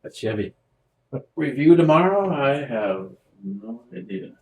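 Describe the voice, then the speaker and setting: A man co-hosting a casual livestream from a friend's home, reading viewer questions with halting fillers and blunt profanity. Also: medium pitch, very animated, warm tone. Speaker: co-host reading viewer chat.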